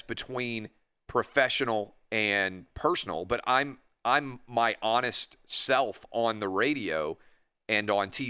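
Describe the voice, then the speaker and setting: Man, radio host, animated opinionated monologue, lowish voice, dry close mic. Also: smooth, no echo. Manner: animated, rambling, acts out imagined dialogue. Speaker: radio talk show host. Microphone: studio microphone.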